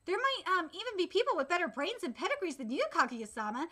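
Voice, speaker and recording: A woman in her late twenties reading a manga chapter aloud and reacting live as a streamer, excitable, shouting and swearing when thrilled, and often stumbling and correcting herself mid-sentence. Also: extremely high pitch, fast. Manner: reads aloud with frequent slips and self-corrections.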